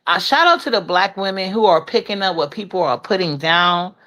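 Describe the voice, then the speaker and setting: A woman's voice: on the low side, animated, fairly quick, fairly bright tone. Firm, insistent woman in an argument. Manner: insistent, clipped, politely firm. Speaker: livestream panel guest. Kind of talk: heated livestream argument.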